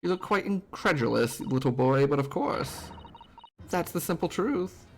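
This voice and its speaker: A man's voice: fairly high pitch, animated, measured pace, faint music behind, pitched above the performer's own voice. A man voicing a haughty, scornful English woman villain in a video game, reading her lines in a disdainful, condescending way. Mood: smug.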